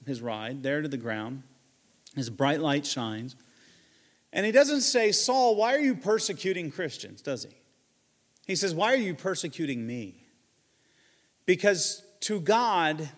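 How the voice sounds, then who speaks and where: A man preaching a sermon, shifting between loud emphatic lines and quiet asides. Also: on the high side, long reverb tail. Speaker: pastor.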